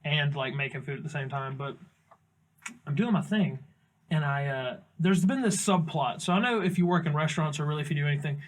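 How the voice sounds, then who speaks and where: A man's voice: fairly high pitch, brisk. A young man, casually telling a rambling, profane restaurant story as a comedy podcast co-host. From Augusta, Georgia, US. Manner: rambling storyteller, swears freely, acts out quotes.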